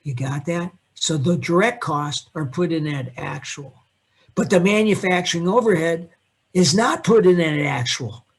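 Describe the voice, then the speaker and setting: Husky-voiced male accounting lecturer. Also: fairly high pitch, measured pace. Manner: animated, teasing, quizzes students by name. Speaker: accounting instructor. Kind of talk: classroom lecture with questions to students. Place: classroom.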